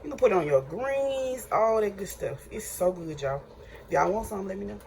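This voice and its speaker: A woman's voice: medium pitch, animated, normal speed, gravelly, a little mellow. Chatty woman cooking in a noisy kitchen. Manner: chatty, keeps addressing viewers as y'all. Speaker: home cook vlogger. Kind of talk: casual cooking vlog. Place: home kitchen with frying on the stove. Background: sizzling pan and running tap.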